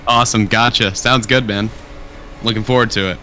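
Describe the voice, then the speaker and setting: Rich: An upbeat man from the USA with a bright, forceful voice chats on a gaming call. He is enthusiastic and laughs easily, with faint background noise. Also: on the low side, steady tone, brisk. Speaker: fellow streamer on a game call. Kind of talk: casual gaming chat.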